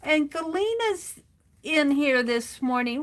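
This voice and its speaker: A middle-aged woman hosting an art journaling livestream, chatting warmly with viewers by name and reading their comments aloud while she works. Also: high voice, expressive, slow pace. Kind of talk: casual chat while crafting.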